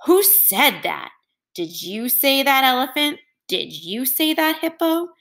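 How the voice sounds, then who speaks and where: A woman voicing a hot-tempered, excitable male warthog. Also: mid-range voice, a little slow, gravelly. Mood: excited.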